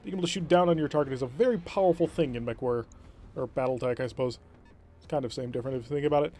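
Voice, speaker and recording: A man's voice: mid-range voice, rapid-fire, a little mellow. A man commentating his own strategy game session, thinking aloud and explaining tactics. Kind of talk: let's-play commentary.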